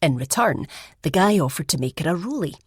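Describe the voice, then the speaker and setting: Brief: woman audiobook narrator, measured and husky, dry studio sound. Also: sits low, animated, no room sound. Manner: measured storytelling. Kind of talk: scripted first-person narration.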